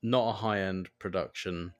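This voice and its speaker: A man's voice: deep voice, steady tone, moderate pace. A man co-hosting a podcast in casual chat, crude and joking as he reads out listener messages. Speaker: podcast co-host. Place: half in a bathroom, half in a bedroom. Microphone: mic resting on a small outdoor table.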